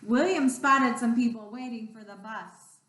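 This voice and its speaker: A woman teacher reading picture books aloud, expressive and playful, with roars. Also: on the high side, unhurried. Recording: roomy sound, distant mic.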